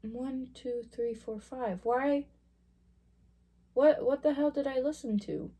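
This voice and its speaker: A woman's voice: sits high, takes it slowly, mellow. A young woman, a music student, chatting casually as she reacts to a song cycle, thinking aloud and picking apart the music. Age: young adult. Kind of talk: casual listening reaction commentary.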